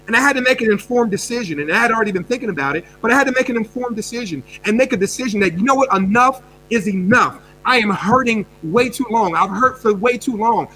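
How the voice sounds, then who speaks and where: A man from the United States talks with a high, sharp, forceful voice. He tells his story energetically, repeating words and swinging from quick bursts to quiet drops. A faint mains hum sits under the recording. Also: lively intonation, low-quality recording. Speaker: guest speaker and coach.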